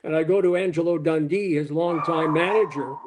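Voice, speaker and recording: Older male guest, high-pitched, animated storyteller. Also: a little fast, noisy background. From Canada. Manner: animated anecdote teller, quoting people in his stories. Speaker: sportscaster guest. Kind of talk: storytelling in an interview.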